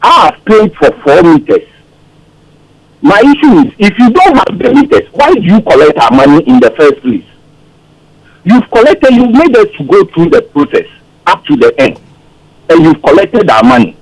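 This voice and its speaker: A man's voice: high voice, big pitch swings, normal speed, rough recording. A man calling a radio show, pressing his complaint and repeating his point. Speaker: caller. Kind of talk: call-in complaint.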